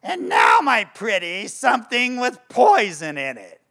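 A man voicing a wicked green witch casting a spell, with a shrill, gloating, sing-song delivery. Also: wildly swooping pitch, unhurried, vocal fry, sharp tone, heavily acted.

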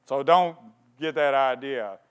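A man's voice: medium pitch, a little slow, clean tone. A man preaching a sermon, retelling a story and asking his listeners questions. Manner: storytelling, lively, asks the congregation questions. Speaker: pastor.

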